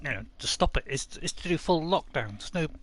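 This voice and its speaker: A man's voice: a little high, animated, fairly quick, fairly bright tone. A man live-streaming a game from home, chatting casually and rambling with little chuckles, close to his desk mic. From United Kingdom. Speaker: gaming streamer. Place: home room.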